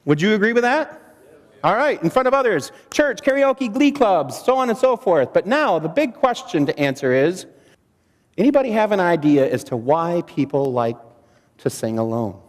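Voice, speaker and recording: A man presenting a training seminar, quizzing the audience and using dramatic pauses. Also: high-pitched, sing-song. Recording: long hall reverb.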